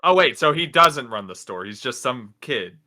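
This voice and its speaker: A man's voice: mid-range voice, expressive, moderate pace, sharp tone. A man playing a tabletop game, joking wryly with the group. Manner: wry, joking. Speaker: player. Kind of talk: casual tabletop play.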